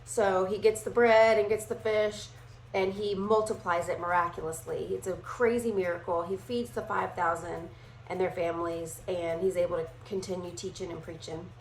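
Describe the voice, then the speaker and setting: A woman leading a casual Bible study, talking in a chatty, animated way and briefly acting out playful voices. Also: lowish voice, moderate pace, reverberant, slight background noise, low-quality recording.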